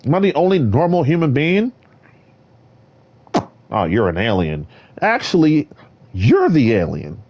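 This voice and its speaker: Guy streaming, bragging and preaching at chat, rambling, soft carpeted room. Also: mid-range voice, huge pitch swings, measured pace, long pauses, highs cut off. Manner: boastful, preachy, talks to viewers directly. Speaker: gaming streamer. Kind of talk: rambling solo stream talk. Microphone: desk mic in a carpeted room.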